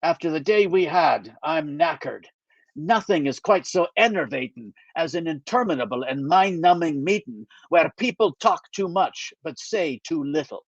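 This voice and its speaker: A man voicing a gruff, teasing Scottish émigré with a Scottish accent and a dry, grumbling manner. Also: a little high, animated, moderate pace, no room sound. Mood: grumpy. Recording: dull dry lo-fi recording.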